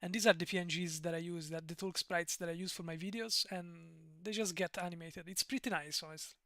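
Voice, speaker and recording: A man's voice: high-pitched, steady tone, brisk, a bit bright, dry recording, studio quality. A man with an Italian accent chatting casually on a live stream, rambling, digressing and laughing often. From Italy.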